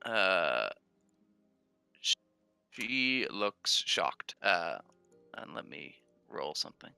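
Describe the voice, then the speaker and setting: A man's voice: deep voice, very animated, very slow, vocal fry, bright, forceful tone, clear, resonant tone, no room sound, faint music behind. A man narrating as game master for a tabletop game, hesitant and full of fillers.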